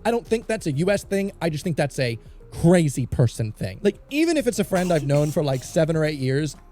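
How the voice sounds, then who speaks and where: A man's voice: on the high side, very animated, a little fast, mellow, faint music behind. A man from the United States reading online comments aloud and adding playful, joking asides.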